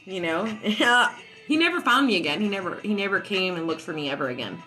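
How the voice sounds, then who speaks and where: A woman at home casually telling a story, profane and animated, often laughing as she talks. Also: medium pitch, fairly quick, over music, low-quality recording. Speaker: vlogger.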